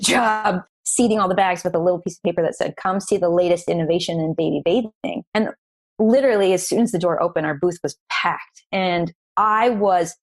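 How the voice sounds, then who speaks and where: A woman guest on a podcast interview, telling a personal business story in an earnest, emotional, animated way. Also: on the low side.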